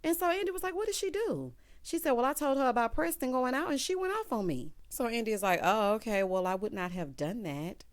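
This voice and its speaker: A woman's voice: on the high side, quick pace, hardly any pauses. A woman recapping a TV episode in casual chat, retelling scenes in a sassy way with asides like "girl" and "honey". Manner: chatty, quotes characters in lively retellings. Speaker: TV recap host.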